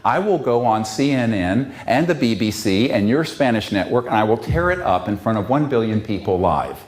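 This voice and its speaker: A man's voice: lowish voice, expressive, moderate pace. A man giving an impassioned public talk, fiery and emphatic. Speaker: public speaker.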